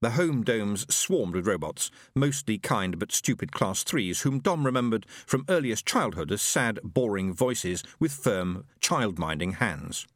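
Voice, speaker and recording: A man narrating a science fiction audiobook in a measured storytelling manner with lively inflection. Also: lowish voice, dry recording, studio quality.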